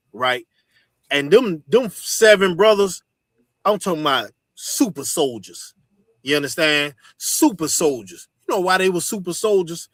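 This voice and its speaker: A man preaching forcefully to his listeners, repeating "you understand" and swearing often. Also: high-pitched, no echo, studio quality. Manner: forceful, repetitive, profane. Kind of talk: street sermon teaching.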